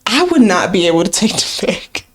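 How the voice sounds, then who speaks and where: A young woman co-hosting a podcast, chatting candidly and sometimes rushing her words. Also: mid-range voice, sing-song, husky. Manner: candid, chatty, laughs easily, sometimes rushes. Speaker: podcast co-host. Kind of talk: casual podcast chat.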